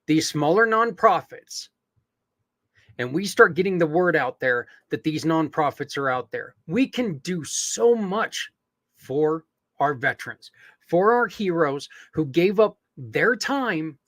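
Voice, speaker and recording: A man's voice: a little high, a bit bright, no echo. A man hosting a podcast, making an earnest, rambling appeal to listeners, with many fillers and restarts. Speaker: podcast host.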